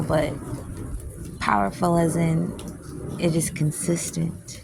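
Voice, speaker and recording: A woman's voice: on the low side, flat delivery, slow pace, vocal fry, long pauses, background noise. A woman poet teaching a casual spiritual class outdoors. She speaks candidly, swears freely, and laughs often. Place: outdoors, with planes passing overhead.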